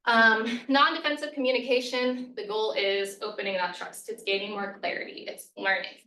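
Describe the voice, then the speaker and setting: A woman's voice: on the high side, fairly even intonation, normal speed, bright, forceful tone. A woman leading a workshop as a lunch-and-learn presentation, conversational, with frequent "right?" and "um", acting out sample phrases. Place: college meeting room. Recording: echoey room, voice a bit far from the mic.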